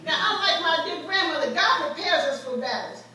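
A woman's voice: high voice, a little fast, crowd noise. A woman preaching a sermon as guest preacher, telling stories from her own life with rising fervor. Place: church sanctuary. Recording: echoey church from far off.

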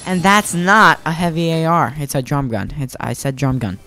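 A young man giving casual, excitable commentary on his own gameplay, self-mocking and prone to repeating himself. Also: a little high, moderate pace, few pauses, faint music behind. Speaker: gaming YouTuber.

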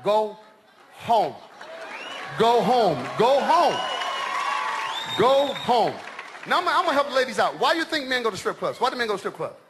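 Middle-aged male stand-up, very high voice, loud live crowd laughing behind him. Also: moderate pace, long pauses, noisy background. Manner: loud, animated, shouting punchlines. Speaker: stand-up comedian. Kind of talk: stand-up comedy routine. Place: large comedy stage before a live audience.

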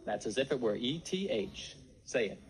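A man teaching ventriloquism on a scripted instructional record, patient and gently firm as he coaches. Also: medium pitch, lively intonation, normal speed, rough recording.

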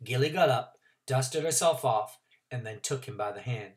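A male teacher reading a novel aloud to his class in an expressive storytelling voice. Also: mid-range voice, normal speed, recorded from a distance.

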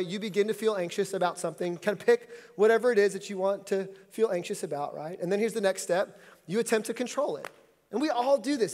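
High-voiced preacher in a reverberant hall. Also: male voice. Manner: humorous, conversational storytelling. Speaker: pastor. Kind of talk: sermon. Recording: long church reverb.

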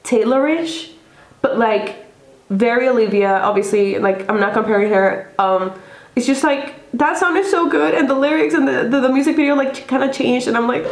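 A woman's voice: high voice, moderate pace. A young woman hosting a casual music reaction video, gushing and effusive, filling her talk with "like" and "literally.". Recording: echoey room with music playing. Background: faint music.

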